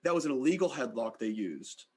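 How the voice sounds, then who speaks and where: A man's voice: mid-range voice, very animated, brisk, husky. A man hosting a podcast, talking in a conversational way and saying "like" often. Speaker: podcast host.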